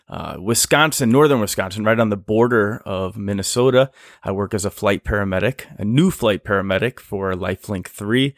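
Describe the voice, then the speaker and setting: A man who works as a flight paramedic, talking casually as a podcast guest, eager and explanatory and quick to laugh. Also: on the low side, dry recording, clean studio sound. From United States. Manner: enthusiastic, explanatory, laughs easily.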